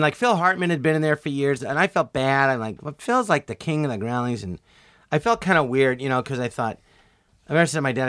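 A man's voice: mid-range voice, no echo, studio quality. A middle-aged man, a guest comedian, telling stories in casual talk and acting out the voices he quotes. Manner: animated, acts out quoted voices. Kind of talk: casual storytelling interview.

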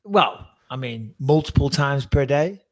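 A man co-hosting a podcast, giving fight picks in animated, teasing casual chat with emphatic repetition. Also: medium pitch, unhurried. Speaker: podcast co-host and fight pundit.

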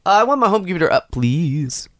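A man's voice: high voice, big pitch swings, brisk, a bit bright, dry recording. A man co-hosting a podcast in a goofy, jokey casual chat. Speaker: podcast co-host.

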